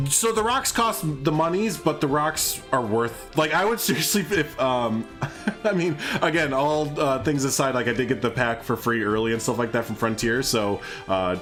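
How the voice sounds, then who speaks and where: A man's voice: mid-range voice, a bit bright. Rambling, chuckling man streaming a game. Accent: Southern US. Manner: rambling, chuckling, self-deprecating. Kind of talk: live gameplay commentary.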